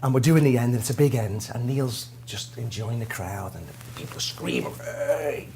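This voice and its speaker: A man from Liverpool with a Liverpool accent, a guest drummer telling a lively, self-mocking story in an interview. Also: medium pitch, normal speed, vocal fry, slight background noise. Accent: Liverpool English. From Liverpool, England.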